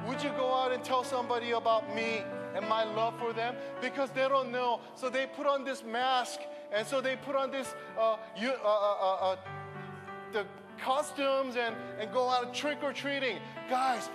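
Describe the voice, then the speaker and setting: Man, youth pastor, energetic call-and-response sermon, very high-pitched, faint music, long hall reverb. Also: a little slow. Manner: energetic, call-and-response, switching between English and Korean. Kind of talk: sermon to a family audience. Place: church hall.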